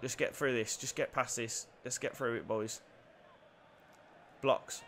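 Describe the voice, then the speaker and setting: A young man giving lively commentary over a football video game, dropping to quiet play-by-play and bursting into shouted cheers. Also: mid-range voice, takes it slowly, long pauses, slight background noise. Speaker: gaming YouTuber.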